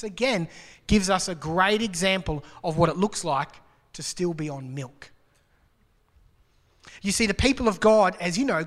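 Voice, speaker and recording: A man's voice: high voice, a bit bright. A man preaching a sermon to a congregation, chatty and joking, asking rhetorical questions. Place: church hall. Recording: long reverb of a large hall.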